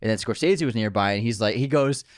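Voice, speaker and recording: A man's voice: on the low side, fast, no echo, clean studio sound. Chatty man co-hosting a film podcast. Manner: chatty, tells anecdotes with laughs. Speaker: podcast co-host. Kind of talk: casual film podcast chat.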